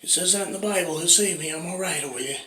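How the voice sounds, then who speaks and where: A man's voice: fast, sharp tone, far from the mic. A man voicing a stubborn, faithful homeowner who keeps refusing help, in an echoey room. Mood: stubbornly sure. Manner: high-pitched, insistent refusals. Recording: echoey room with faint noise.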